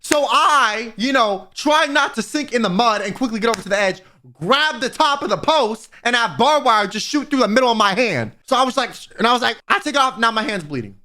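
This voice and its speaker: A young man telling a wild story to his viewers in a casual, exasperated, animated way. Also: extremely high pitch, brisk, hardly any pauses. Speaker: vtuber storyteller.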